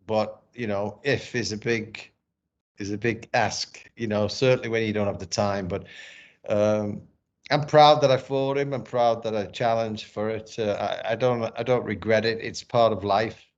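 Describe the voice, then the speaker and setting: A man's voice: lowish voice, steady tone, moderate pace. A middle-aged man telling a personal story in a casual interview, candid and emotional, swearing often. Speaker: podcast guest, former boxer and actor. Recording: dull lo-fi sound.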